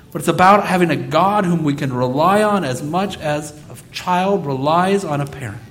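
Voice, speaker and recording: A man preaching a sermon as pastor, telling stories with lively, acted-out quotes. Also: high voice. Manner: animated storytelling, acting out quoted voices.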